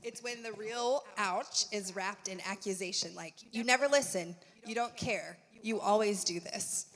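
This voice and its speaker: A woman speaking at a church conference in a lively, chatty way, full of "like". She acts out quoted thoughts as she talks. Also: medium pitch, unhurried. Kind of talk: conversational stage talk. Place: church auditorium. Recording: long reverb of a large hall.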